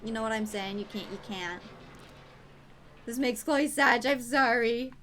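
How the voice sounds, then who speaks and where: A woman's voice: on the high side, unhurried, fairly bright tone, slight background noise. A young woman streaming a game, chatting casually in a playful, giggly way. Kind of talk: casual gaming stream chat.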